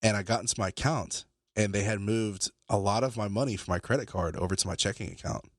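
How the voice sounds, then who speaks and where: A man with a lowish voice tells a story at a fast clip, animated, swearing freely as he acts out both sides of phone calls. The sound is close and dry, with no room around it. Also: no echo. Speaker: podcast co-host. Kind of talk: casual storytelling.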